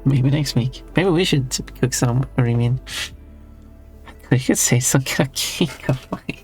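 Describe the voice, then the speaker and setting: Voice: medium pitch, unhurried, soft background music. A streamer chatting casually while drawing, rambling, breaking off mid-thought and humming along playfully. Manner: rambling and self-interrupting; playful, hums to themself.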